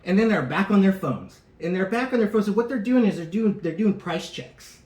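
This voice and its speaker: Brief: swearing male podcast co-host, higher voice, animated retelling, echoey room. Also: a little fast. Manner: profane, animated, acts out the people in his story. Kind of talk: casual storytelling. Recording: roomy echo.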